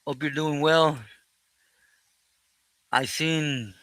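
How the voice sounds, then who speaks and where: A man with a smooth, resonant voice hosts a casual live stream, reading out his chat and greeting each viewer by name. He drifts between English and Spanish and keeps thanking God. The sound is dry and close, with no room echo. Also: a little high, steady tone, very slow, a bit bright. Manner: thankful, often praises God. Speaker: livestream host reading chat.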